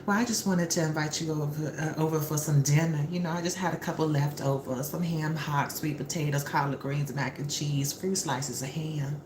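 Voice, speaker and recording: Woman putting on a bashful middle-aged woman, low voice, soft and halting, in an echoey room. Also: steady tone, lightly acted. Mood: shy, eager. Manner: soft, hesitant listing. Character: nervous shy middle-aged woman offering dinner. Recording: roomy with faint background noise.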